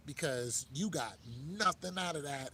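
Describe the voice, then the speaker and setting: A man's voice: on the high side, a little slow, sharp tone, slight background noise. A man with an American accent giving dating advice in a laid-back, joking monologue, talking straight to the listener. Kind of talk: casual monologue.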